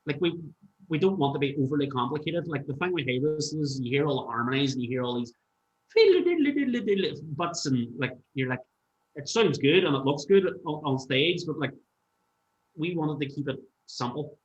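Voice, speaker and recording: A man's voice: mid-range voice, fairly even intonation, fairly quick. A man, a musician guest chatting casually and telling stories animatedly, swearing freely. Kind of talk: casual podcast chat. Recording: roomy, dull-sounding room.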